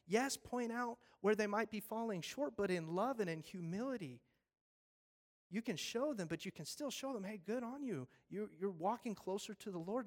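A man preaching a sermon, animated, acting out scenes with voices and pleading earnestly. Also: high voice. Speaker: pastor.

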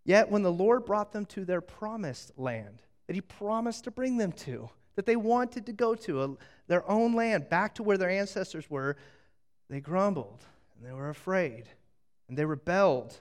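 A man preaching a sermon, telling the story with jokes and acted-out asides. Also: high-pitched. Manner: animated, jokey, acting out quick asides.

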